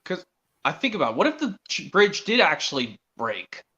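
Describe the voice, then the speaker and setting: A man's voice: a little high, wildly swooping pitch, normal speed, bright, forceful tone. A young man hosting a stream in casual chat, rambling with restarts and hesitant questions. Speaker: stream host. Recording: dull lo-fi stream audio.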